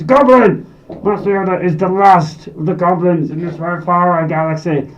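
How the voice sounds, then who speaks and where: A man voicing a silly, excitable male goblin, ranting to camera in a comedy character vlog with sudden loud outbursts. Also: on the high side, recorded from a distance, slight background noise, lightly acted. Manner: erratic comic rant with sudden loud outbursts. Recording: dull lo-fi sound a bit off mic.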